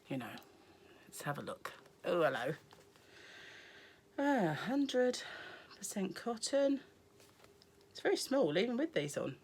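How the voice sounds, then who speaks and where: A hoarse British woman chatting casually as she unboxes yarn for her crochet vlog, often dropping to a near whisper. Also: low voice, a little hiss or hum. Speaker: crochet vlogger.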